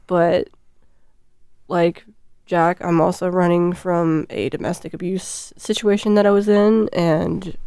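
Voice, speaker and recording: A woman with a Southern accent talks casually at a round table, trading jokes. Her voice is smooth and clear, and the mic sits close in a dry room. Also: lowish voice, warm tone, dry recording. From Mississippi. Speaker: podcast co-host.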